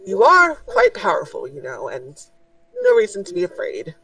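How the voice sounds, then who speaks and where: A woman voicing a kind, encouraging male scientist who speaks gently and a little haltingly. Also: medium pitch, wildly swooping pitch, creaky, slightly rough, distant mic, heavily acted, low-quality recording.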